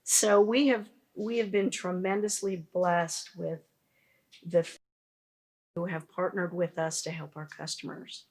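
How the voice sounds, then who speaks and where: A woman's voice: lowish voice, steady tone, a little slow, a little mellow. A woman, founder of a pet business, telling stories earnestly in a conversational interview, with frequent restarts.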